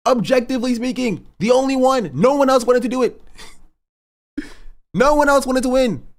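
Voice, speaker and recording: A man's voice: very high-pitched, normal speed. A man giving casual livestream political commentary, emphatic, swearing freely and repeating his points.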